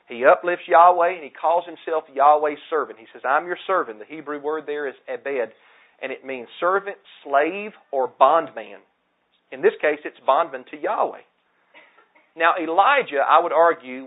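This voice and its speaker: A man preaching a sermon, stressing words with sudden swings between loud and soft. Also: fairly high pitch. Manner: emphatic, with dramatic swings of loudness. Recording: tinny phone-like sound.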